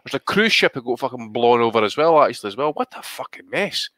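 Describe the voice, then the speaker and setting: A man's voice: medium pitch, fast, no echo. Ranting sweary podcast man. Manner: heavy swearing, stumbling restarts, animated rants. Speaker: podcast co-host. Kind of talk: casual podcast banter.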